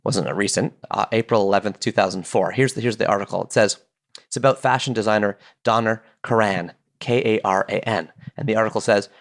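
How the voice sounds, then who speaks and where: A man hosting a solo podcast from his basement, chatty and playful, wandering off into quick jokes and asides. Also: on the low side, steady tone. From Canada. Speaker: podcast host. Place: home basement.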